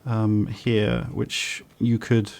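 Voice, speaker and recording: A man's voice: lowish voice, extremely slow. Chatty British man running a tabletop game. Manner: relaxed, chatty, laughs easily, many ums. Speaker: dungeon master.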